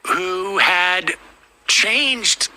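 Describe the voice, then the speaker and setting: Man, bright high voice, lively pitch, talk show commentary. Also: extremely slow.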